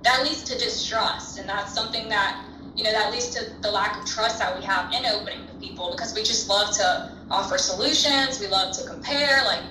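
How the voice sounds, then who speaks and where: A woman's voice: mid-range voice, brisk. A woman speaking as a guest in a casual conversation, thoughtful and reflective, with many fillers. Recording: distant echoey mic with background noise.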